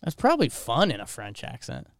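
A man co-hosting a casual sports podcast, cracking quick jokes about the game. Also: mid-range voice, huge pitch swings, vocal fry, no room sound, studio quality. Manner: jokey, quick quips. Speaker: podcast co-host.

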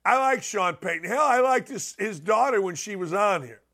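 A man hosting a sports podcast, ranting opinions on football with blunt, loud outbursts. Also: high-pitched, moderate pace. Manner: loud, animated, ranting, swings into shouts.

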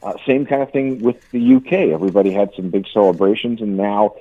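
A man commenting on the music industry in a radio interview, stammering and repeating words with an animated delivery. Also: lowish voice, a little fast, dry recording. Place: lives in Canada. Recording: tinny phone line.

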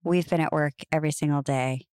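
A woman co-hosting a casual podcast, telling chatty stories and laughing easily. Her voice is lowish, smooth and clear. The close mic is completely dry, with no room at all. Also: fairly even intonation, fairly quick, a little mellow, dry recording. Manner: chatty storyteller, laughs easily, says "like" often. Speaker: podcast co-host. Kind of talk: casual chat.

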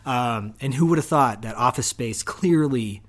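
A man's voice: medium pitch, a little slow. A middle-aged man co-hosting a podcast in casual chat, enthusiastic and rambling, laughing easily. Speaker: podcast co-host.

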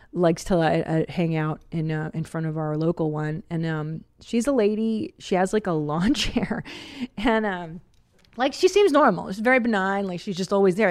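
Chatty woman host telling stories. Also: on the low side. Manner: animated storytelling, acts out quotes, laughs often. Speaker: podcast host. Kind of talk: casual chat.

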